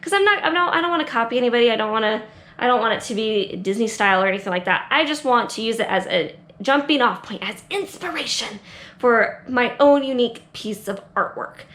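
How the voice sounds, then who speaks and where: A woman's voice: on the high side, animated, fairly quick, fairly bright tone. A young adult woman hosting an art channel, chatting playfully to kids in a bubbly, jokey way. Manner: bubbly, jokey, talks to herself. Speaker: art teacher and channel host. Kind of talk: playful casual vlog talk to kids.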